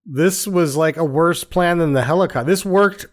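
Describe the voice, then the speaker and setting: Dry, wry podcast co-host. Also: male voice, fairly high pitch, moderate pace. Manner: dry, wry asides and short agreements. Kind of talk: casual comedic movie discussion.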